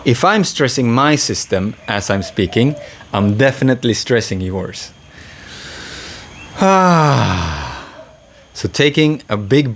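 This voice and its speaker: A man teaching voice and breathwork in a calm, gentle way, pausing to breathe and sigh as he demonstrates. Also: fairly low pitch, slight background noise. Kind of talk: calm spoken lesson.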